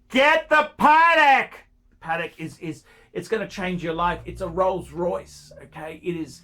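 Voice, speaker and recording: A man's voice: on the high side, fairly bright tone, slightly rough. A man giving watch-buying advice in a casual rant, pushy and pleading, repeating himself and throwing in crude jokes.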